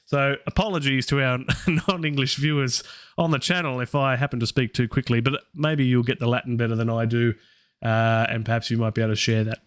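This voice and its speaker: A man's voice: medium pitch, little pitch movement, fairly quick, smooth, no room sound, studio quality. An Australian man hosting a live Latin study session, thinking aloud with many fillers as he works through the text.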